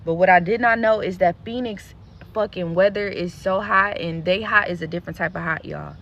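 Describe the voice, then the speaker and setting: A young woman with a bright, forceful voice tells a storytime rant straight to her viewers. She is blunt and profane and jumps into the voices of the people in her story. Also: on the low side, fairly quick, dull audio, a little hiss or hum. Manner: blunt and profane, acts out other people's lines. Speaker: social media creator.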